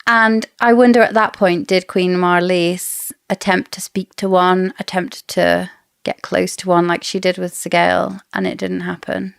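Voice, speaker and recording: A woman's voice: lowish voice, flat delivery, measured pace, vocal fry, few pauses, clear, resonant tone, no echo, studio quality. A woman co-hosting a casual book discussion podcast, chatty and theorizing with frequent laughs. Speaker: podcast co-host.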